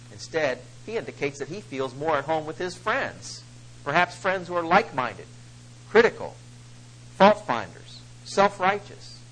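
A male preacher giving an emphatic sermon, swinging between loud stresses and soft asides. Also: fairly high pitch, poor audio.

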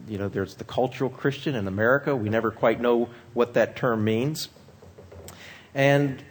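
A man speaking as a pastor, giving a measured teaching talk on ministry with frequent pauses and fillers. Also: mid-range voice.

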